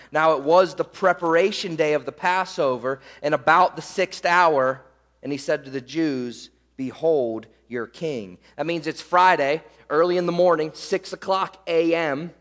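A man delivers an emphatic expository sermon in a notably high voice, punctuating his points with rhetorical "right?" checks. His words ring out with a long reverb, as in a large hall. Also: fairly bright tone. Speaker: pastor.

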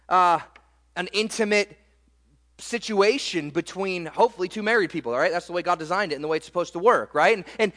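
A man preaching a sermon as pastor, with a fairly high voice that leaps up and down lively. He builds to emphatic peaks and repeats rhetorical questions to his listeners, then slips into quick asides.

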